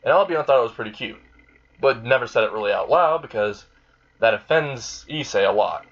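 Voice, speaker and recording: A man's voice: medium pitch, animated, brisk, a bit bright, dull audio. Rambling man retelling a fan story. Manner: rambling, frequent fillers and laughing.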